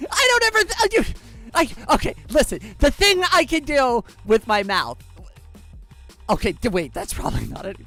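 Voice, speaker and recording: A woman live streamer chats casually with her viewers, giggly and playful and often laughing at herself. Her high, fairly bright voice swings widely in pitch at a moderate pace, with faint music in the background.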